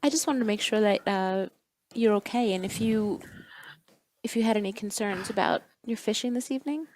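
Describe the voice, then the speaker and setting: A woman's voice: mid-range voice, normal speed, darkish tone. A woman playing her character in an online tabletop game, asking questions hesitantly with fillers, over slightly noisy call audio. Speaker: player.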